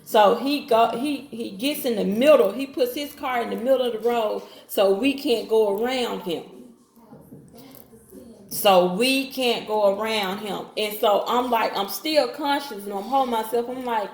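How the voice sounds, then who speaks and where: A woman tells a personal story in a loose, rambling way, often restarting her sentences. Her voice has a gravelly, fry-laden edge. The sound has a noticeable echo from the room around her. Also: on the high side, a little slow. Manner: rambling, restarts and acts out dialogue. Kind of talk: casual storytime.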